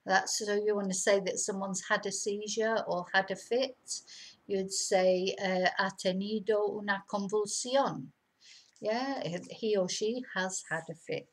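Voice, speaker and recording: A woman's voice: medium pitch, steady tone, poor audio. Chatty middle-aged woman teaching vocabulary. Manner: chatty, repeats words slowly and clearly. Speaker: language teacher. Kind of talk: casual vocabulary lesson. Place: home in Spain.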